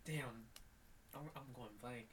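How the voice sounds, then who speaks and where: A young man co-hosting a podcast, talking in a laid-back, halting way with many fillers while he searches for words. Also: mid-range voice, noisy background. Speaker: podcast co-host. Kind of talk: casual chat.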